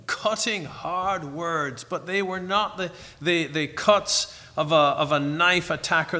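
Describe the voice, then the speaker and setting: A middle-aged man preaching a sermon in an earnest, reflective way, pausing and restarting as he tells a story. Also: fairly high pitch, bright, forceful tone.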